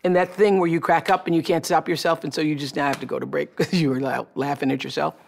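A middle-aged woman recounts her career with lively, expressive storytelling. A gravelly fry edges her voice. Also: deep voice, fast, a little hiss or hum. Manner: animated, expressive, acts out remembered voices. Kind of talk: personal storytelling talk.

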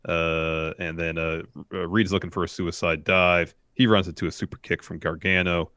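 A man co-hosting a casual livestream, recounting a wrestling match move by move in a steady run-on way. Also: deep voice, moderate pace, clean tone, no room sound. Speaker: co-host.

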